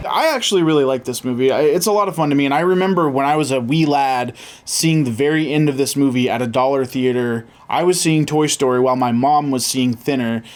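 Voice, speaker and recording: A man co-hosting a casual movie chat, telling stories in a relaxed, enthusiastic way. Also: mid-range voice, a little fast. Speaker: podcast co-host.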